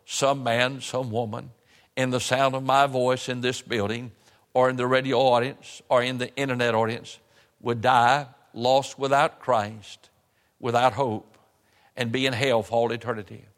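A man preaching a sermon in a church, in an emphatic, rising cadence with drawn-out phrases. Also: mid-range voice, flat delivery. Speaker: pastor. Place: church sanctuary. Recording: church hall reverb.

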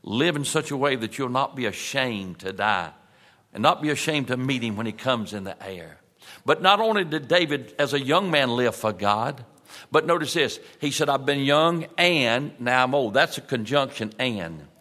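Folksy preacher in a reverberant sanctuary. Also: male voice, medium pitch, lively intonation. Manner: folksy preaching, slows for emphasis, drops soft at key points. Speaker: pastor. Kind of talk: sermon. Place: large church sanctuary. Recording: long reverb of a church hall.

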